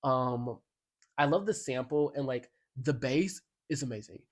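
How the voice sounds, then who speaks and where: A man's voice: medium pitch, a little slow. A man in a casual album review vlog, talking in a sassy, slangy and emphatic way and now and then reading song lyrics aloud. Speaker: music commentator.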